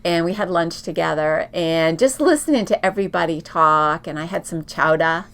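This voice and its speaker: A woman's voice: lowish voice, normal speed, fairly bright tone, a little hiss or hum. A middle-aged woman co-hosting a casual quilting chat, telling long travel stories with lots of fillers and restarts. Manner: chatty storyteller, many fillers and restarts. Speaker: quilting podcast co-host.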